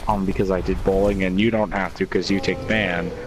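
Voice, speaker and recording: A man's voice: sits low, flat delivery, fairly quick, noisy background. A teenage boy co-hosting a casual podcast chat with laid-back, dry remarks. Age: teens. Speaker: podcast co-host.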